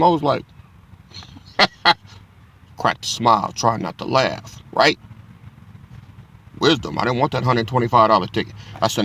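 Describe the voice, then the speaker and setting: A middle-aged man teaches a casual Bible lesson through a rambling, profane story. His voice has a gravelly, fry-heavy edge and a mid pitch. Faint noise sits behind him. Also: animated, measured pace, pauses often, pushed and bright. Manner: profane, laughing, street-talk storytelling.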